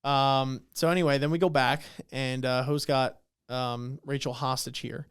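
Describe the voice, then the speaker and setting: A man's voice: medium pitch, steady tone, unhurried, clean tone. A young man hosting a podcast, recapping in casual, profane, rambling chat. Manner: profane, rambling, acts out quotes. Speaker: podcast host.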